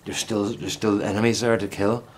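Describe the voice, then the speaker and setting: A man's voice: fairly low pitch, level tone, moderate pace, a little hiss or hum. An older man, chatting casually to camera in a meandering, friendly way while working outdoors in a vegetable plot. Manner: meandering, chummy, many restarts and asides. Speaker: gardening vlogger. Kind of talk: casual rambling chat to camera.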